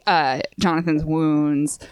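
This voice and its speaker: A woman chatting casually about anime, retelling scenes in an animated way and acting out the quotes. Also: low-pitched, slow pace, clean tone, no room sound, clean studio sound. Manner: animated retelling, acts out quotes, many fillers.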